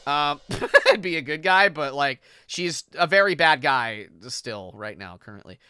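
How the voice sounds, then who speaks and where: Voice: medium pitch, lively intonation, unhurried, few pauses, bright, forceful tone, clean tone, no room sound. A streamer giving casual, giggly commentary while reading a game's dialogue aloud in put-on voices. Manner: playful, giggly, reads character lines with put-on voices.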